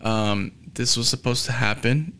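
A man talking casually about his faith in a calm, matter-of-fact way. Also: medium pitch, a little slow.

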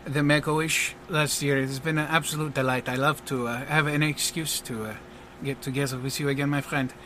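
A man's voice: mid-range voice, steady tone, brisk, sharp tone, slight background noise, pitched below the performer's own voice, close to an everyday voice. A man voicing a flamboyant stage magician with a put-on French accent, dramatic and teasing. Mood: theatrical.

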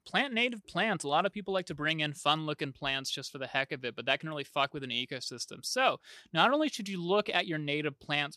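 A man's voice: fairly high pitch, bright, forceful tone, no room sound, clean studio sound. A young man hosting a podcast, rambling in a laid-back way and laughing easily as he chats. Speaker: podcast host. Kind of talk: casual chat.

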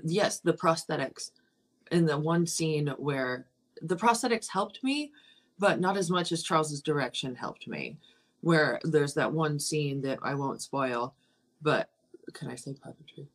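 A woman in her thirties talks about her acting work in a relaxed interview. She is candid and effusive, and she swears without a second thought. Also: deep voice, measured pace. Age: 30s. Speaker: actress and co-producer. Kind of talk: casual interview.

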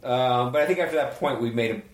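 A man's voice: mid-range voice, brisk, a little hiss or hum. Storytelling man in a roomy space. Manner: storytelling, acts out quoted voices. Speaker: podcast co-host. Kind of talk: casual comedic chat.

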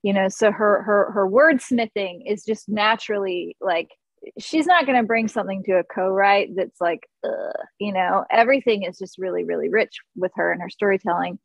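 A woman's voice: mid-range voice, moderate pace, gravelly, no echo, low-quality recording. A woman who produces music, chatting in an interview and acting out studio moments as she tells them. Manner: animated storyteller, acts out studio moments. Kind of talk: casual interview chat.

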